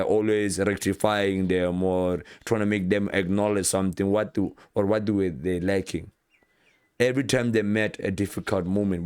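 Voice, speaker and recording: A man delivers an informal sermon in a very deep voice. He retells Bible stories with lively acted-out quotes and often repeats himself as he builds a point. The sound is dry and close. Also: dry recording. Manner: animated, acts out Bible scenes with quoted voices, repeats words. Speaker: preacher.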